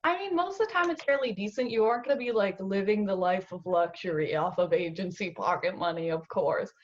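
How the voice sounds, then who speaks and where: A woman's voice: mid-range voice, a little fast. A young American woman telling stories in a casual interview, laughing often and acting out quotes. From United States. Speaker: guest model. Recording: dull lo-fi audio.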